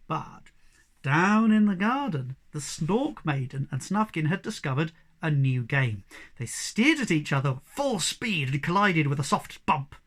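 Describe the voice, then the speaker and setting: A reader giving an expressive storybook reading aloud. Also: mid-range voice, moderate pace. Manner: expressive, varied delivery.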